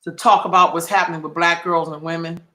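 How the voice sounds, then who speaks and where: A man's voice: fairly high pitch, little pitch movement, quick pace, bright, forceful tone, reverberant. A man hosting a livestream, delivering an impassioned, heated monologue full of profanity and emphatic repetition. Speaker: livestream host.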